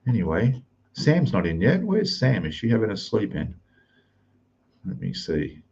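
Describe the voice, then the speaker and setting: A man's voice: lowish voice, big pitch swings, measured pace, creaky, breathy edge, dull audio. An Australian man hosting a live stream, greeting chat viewers one by one and keeping his voice down in a rented room. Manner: speaking softly, keeping voice down.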